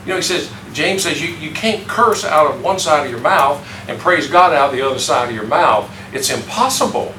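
A man's voice: a little high, expressive, moderate pace, few pauses, pushed and bright, recorded from a distance. An older man teaching an informal Bible class, folksy and chuckling, putting questions to the class. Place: classroom or church meeting room. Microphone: distant room mic. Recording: echoey room recorded from afar with background noise.

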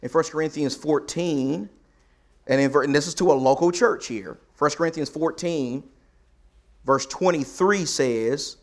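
A man's voice: fairly high pitch, moderate pace. A man preaching to his congregation in a conversational way, reading scripture aloud with emphasis. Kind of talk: sermon. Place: church auditorium.

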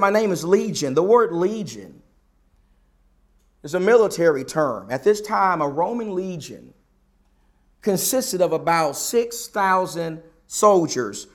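A man's voice: a little high, fairly bright tone. A preacher delivering a sermon, an emphatic man who repeats his phrases and asks the listeners rhetorical questions.

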